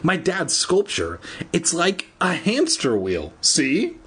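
Ein Mann spielt einen drängenden Schuljungen. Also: male voice, a little high, huge pitch swings, slow, a bit bright, husky, voice pushed up, exaggerated voice. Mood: urgent. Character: urgent, determined schoolboy. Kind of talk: comic storybook reading.

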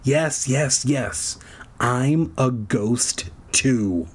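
A man voicing a sad young ghost girl in a spooky camp story, speaking softly and mournfully, with a slow, husky voice. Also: medium pitch. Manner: soft, sighing, mournful delivery.

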